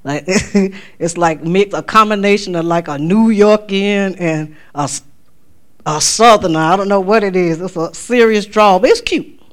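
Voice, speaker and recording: A woman, telling a testimony in church, her voice climbing high when she quotes herself. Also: a little slow. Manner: animated storytelling, voice climbing high for quoted exclamations. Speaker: speaker giving a testimony at church. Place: church sanctuary.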